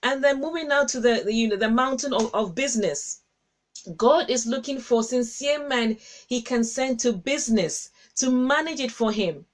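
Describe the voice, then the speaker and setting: Speaking at a moderate pace in a high voice, a woman runs a laid-back Christian livestream where she reads viewer comments aloud and chats along. Her tone is warm and chatty, with frequent laughter and repetition, captured by a webcam or phone with a cable.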